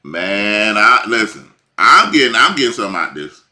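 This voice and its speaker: A man preaching informally, swinging from hushed lines to near shouting. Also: lowish voice, big pitch swings, moderate pace. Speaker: bible teacher.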